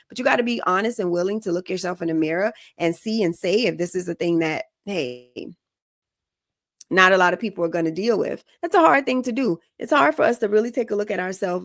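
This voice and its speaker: A woman's voice: fairly low pitch, no echo, clean studio sound. A woman hosting a podcast, giving relationship advice in a frank, casual way and often checking that listeners follow her. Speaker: podcast host.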